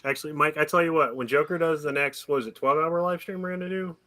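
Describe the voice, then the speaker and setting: Bright-voiced man co-hosting a stream. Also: fairly high pitch, fairly even intonation, fast. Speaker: co-host. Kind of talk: casual chat on a live stream.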